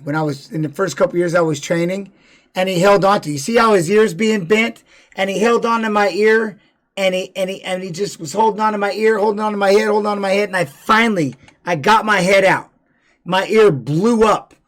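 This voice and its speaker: A man's voice: sits high, brisk, fairly bright tone. A man giving casual live-stream commentary on fight videos, blunt and profane, repeating words for emphasis.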